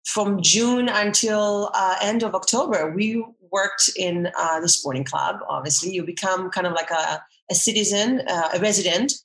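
A middle-aged woman talking as an interview guest at an ordinary pitch, rambling through memories with frequent restarts. Her voice rings out with a roomy echo around it. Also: moderate pace, hardly any pauses. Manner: rambling, restarts often, animated storytelling. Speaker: guest, former dancer and army veteran. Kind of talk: casual interview chat.

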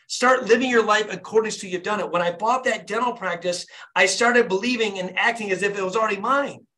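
Young dentist guy on a video call, high bright voice, all fired up and repeating himself. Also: a little fast. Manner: fired-up, repetitive, preachy. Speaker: dentist hosting a group call. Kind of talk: motivational talk on a group call.

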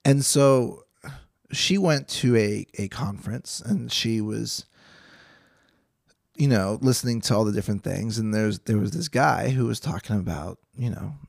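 Man, young adult, casual Bible teacher, low gravelly voice, dry close sound. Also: unhurried, no room sound. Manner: chatty, jokey, self-interrupting. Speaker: Bible study podcast host.

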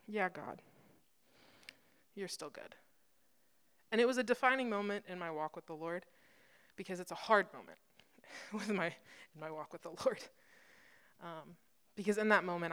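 A woman in her twenties sharing a candid personal testimony, self-deprecating and quick to laugh. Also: on the low side, smooth. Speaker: speaker at a church youth gathering.

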